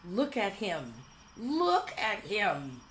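A woman's voice: medium pitch, wildly swooping pitch, extremely slow, fairly bright tone, a little hiss or hum, heavily acted. A woman voicing an impatient, scheming young woman who snaps and complains, in a storybook reading. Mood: snappish. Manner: snappish, petulant.

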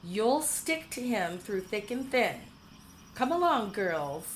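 A woman's voice: medium pitch, sing-song, slow, a little hiss or hum, pitched above the performer's own voice. A woman voicing a stern, commanding elder sister who scolds sharply, in a storybook reading. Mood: scolding.

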